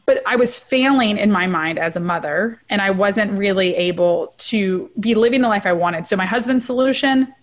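A middle-aged woman, a trauma researcher, candidly telling her personal story as a guest in an interview and often checking in with a quick "right?". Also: mid-range voice.

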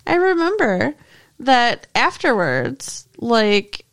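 A woman's voice: on the high side, big pitch swings, slow pace, a bit bright, no echo, studio quality. A woman co-hosting a podcast in casual chat, incredulous and questioning as she recaps a movie. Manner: incredulous, questioning, laughs often. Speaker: podcast co-host.

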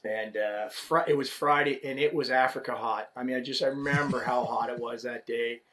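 Animated male storyteller guest. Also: mid-range voice, a little fast, a little hiss or hum, poor audio. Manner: animated storyteller, acts out quoted dialogue. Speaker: podcast guest. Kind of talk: casual storytelling chat.

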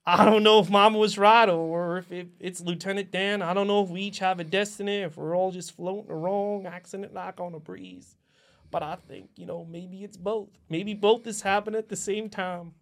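A man's voice: sits high, a bit bright. A man from Queens, New York, doing a comedic mock audition, reading a monologue earnestly with stumbles and shifting accents.

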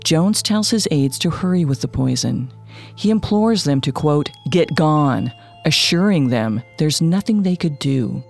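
A man narrating a scripted true-crime story in a measured, matter-of-fact way. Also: a little high, lively intonation, vocal fry, soft background music. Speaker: podcast narrator.

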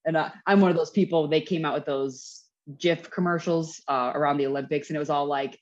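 Woman, young adult, casual podcast chat, rambling, lots of "like", fairly low voice, dull muffled recording. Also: steady tone, a little fast, a little mellow. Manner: rambling, peppered with "like". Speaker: podcast co-host. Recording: dull lo-fi sound.

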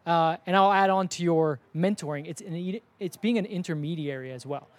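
A man's voice: fairly high pitch, moderate pace, no echo. A man co-hosting a casual sports podcast, talking animatedly and acting out what others say. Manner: animated, acts out quoted voices.

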